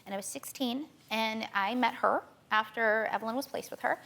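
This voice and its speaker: A woman's voice: a little high, normal speed, creaky, a bit bright. A young woman guest on a talk show giving an urgent personal account, stumbling and restarting often. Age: young adult. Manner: urgent, tearful retelling with many restarts.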